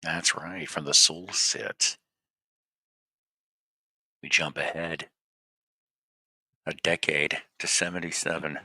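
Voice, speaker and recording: A man with a low, very bright voice hosts a record show, chatting casually between songs. He rambles and restarts his phrases as he goes. The sound is dry and close. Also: steady tone, slow pace, creaky, pauses often, dry recording.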